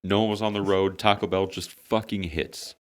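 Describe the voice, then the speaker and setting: A man's voice: sits low, moderate pace. A young man, telling a funny story with plenty of swearing on a casual podcast among friends. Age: young adult. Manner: animated, swearing, dramatic comic storytelling. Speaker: podcast co-host.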